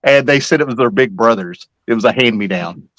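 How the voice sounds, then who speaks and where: A man's voice: medium pitch, a little fast, a bit bright, rough recording. A middle-aged man hosting a casual chat, rambling and nostalgic, often trailing off mid-sentence. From Kentucky-Virginia area. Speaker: host.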